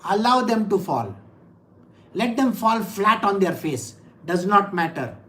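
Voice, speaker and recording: Woman, spiritual teacher, scripture discourse, direct, asks questions, emphatic verse reading, mid pitch. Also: big pitch swings, unhurried, fairly bright tone, poor audio.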